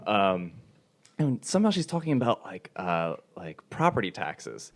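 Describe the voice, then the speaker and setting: A young man, a podcast co-host, telling a story in casual chat, animated and laughing often. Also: low-pitched, measured pace.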